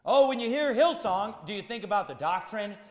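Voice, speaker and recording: Emphatic high-voiced man preaching in echoey hall. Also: lively intonation, fairly quick. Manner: rhetorical questions, repetitive emphatic cadence. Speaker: pastor. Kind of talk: sermon.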